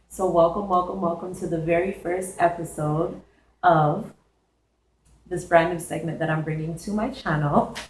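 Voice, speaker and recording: Hoarse young woman, low voice, chatty vlog host, roomy echo. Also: a little mellow, a little hiss or hum. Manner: chatty, giggly, talks straight to viewers. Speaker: YouTuber hosting her own advice segment. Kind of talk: casual chat to camera.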